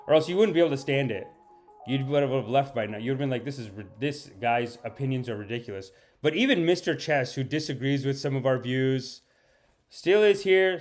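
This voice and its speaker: A man's voice: medium pitch, darkish tone. Rambling, mock-boastful man hosting a stream. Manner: talks to the live chat and reads out viewer names. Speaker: comedian hosting a live-stream podcast. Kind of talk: comedic live-stream chat.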